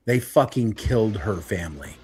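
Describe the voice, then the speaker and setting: A man's voice: fairly low pitch, expressive, moderate pace, a little mellow, husky. A man co-hosting a political podcast, ranting in a heated way and lecturing listeners directly. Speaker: podcast co-host. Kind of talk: casual political chat.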